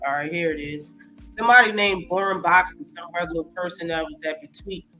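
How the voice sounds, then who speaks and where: Brief: high, bright-voiced man, streaming host, animated and profane, faint music behind. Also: brisk. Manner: animated, profane, reacts to live chat. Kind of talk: casual live-stream boxing talk.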